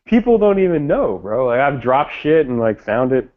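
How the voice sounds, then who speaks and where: A man's voice: mid-range voice, very animated, normal speed. Rambling laid-back guy, lo-fi audio. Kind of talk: casual chat. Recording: dull lo-fi audio.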